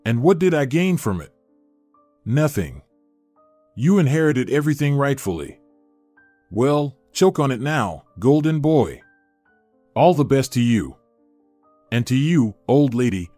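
A man's voice: mid-range voice, very animated, measured pace, pauses often, warm tone, no echo. A man voicing a mocking, scheming middle-aged business partner, speaking with contempt in a dry studio recording over faint music. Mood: bitter. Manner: sneering and contemptuous.

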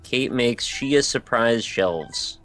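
A man's voice: mid-range voice, animated, slow, fairly bright tone, soft background music. A man co-hosting a gaming stream in casual chat, dry and teasing. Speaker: streamer co-host.

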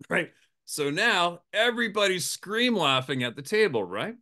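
Bright-voiced man telling a rowdy story. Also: high voice, normal speed. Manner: animated, profane, laughing often, acts out quotes in a raised voice. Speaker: hunting guide. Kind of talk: casual storytelling. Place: campfire outdoors.

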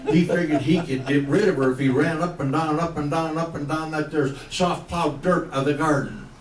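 A country comedian spins a tall tale in a folksy, slangy drawl and chuckles as he goes. His voice sits a touch high for a man. He is caught from a distance in a roomy space with faint ambience behind. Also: steady tone, moderate pace, a little hiss or hum. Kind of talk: stand-up comic storytelling. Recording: roomy, from off the mic.

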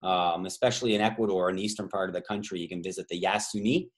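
A man's voice: low-pitched, fairly even intonation, quick pace. Chatty Canadian man hosting trivia. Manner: rambling, many fillers and side stories. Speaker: trivia host and tour guide. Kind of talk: casual trivia hosting on video call. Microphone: video call.

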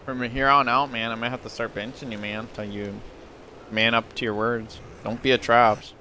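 A young man streaming a team game live, giving rapid callouts and countdowns to his teammates, slangy and swearing. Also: mid-range voice, flat delivery, sharp tone, a little hiss or hum. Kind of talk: live gameplay commentary to teammates.

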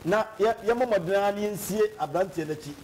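A man hosting a talk show, chatting casually in a quick, animated way. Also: high-pitched, a little hiss or hum. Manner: quick, animated, laughs often. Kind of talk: casual chat.

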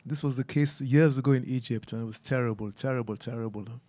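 At a garden event, a man with a mid-range, dark-toned voice talks quickly as a photographer in an artist talk. It's a reflective, conversational talk where he muses aloud and often ends phrases with a questioning "huh?".

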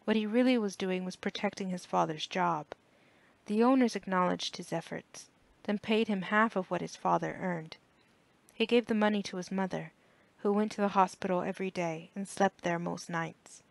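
A woman giving calm, measured scripted narration of an audiobook. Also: on the low side, vocal fry, no echo.

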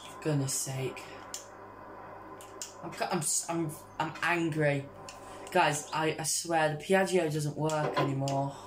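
Brief: woman vlogger, low and slow, excitable gameplay chatter, echoey room. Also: noisy background. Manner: excitable, keeps addressing viewers as guys. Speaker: gaming vlogger. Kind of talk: casual gameplay commentary.

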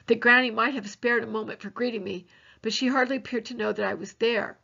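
A woman teacher reading a novel aloud in a steady, earnest way with occasional small slips. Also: on the high side, fast, gravelly. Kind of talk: novel read-aloud narration. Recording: dull lo-fi recording.

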